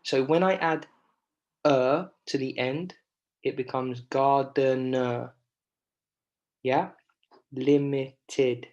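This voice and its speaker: A man's voice: medium pitch, fairly even intonation, darkish tone, highs cut off. A male primary school teacher giving a recorded spelling lesson, patient and encouraging, stretching out syllables and checking in with the children. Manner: slow, patient, stretching out syllables to demonstrate stress.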